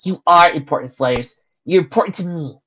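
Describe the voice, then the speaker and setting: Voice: mid-range voice, normal speed, breathy edge, pitched above the performer's own voice. A reader voicing a brash, tomboyish young female pegasus in a storybook reading, on a dull lo-fi recording. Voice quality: brash, forceful.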